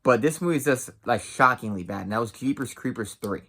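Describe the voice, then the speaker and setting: Man, film reviewer, casual rant, blunt, profane, exasperated, bright tense voice. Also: medium pitch, animated, fairly quick.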